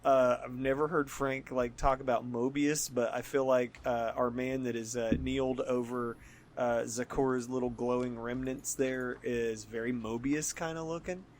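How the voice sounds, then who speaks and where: A man's voice: medium pitch, level tone, normal speed, a little hiss or hum. A man co-hosting a podcast, chatting casually about comics, laid-back, laughing often and swearing loosely. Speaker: podcast co-host.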